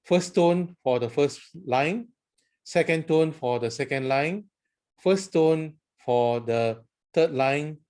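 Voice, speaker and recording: A man who is a priest, explaining how to chant psalms in a slow, careful teaching style. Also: on the high side, a little mellow. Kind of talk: instructional talk with sung chant examples.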